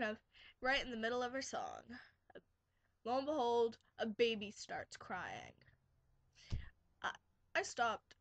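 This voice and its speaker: A woman's voice: fairly high pitch, a bit bright, dry recording. A teenage girl ranting sarcastically in a casual vlog from her bedroom, full of filler words. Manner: sarcastic ranting, quotes kids in mocking voices. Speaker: vlogger. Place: bedroom, sitting on her bed.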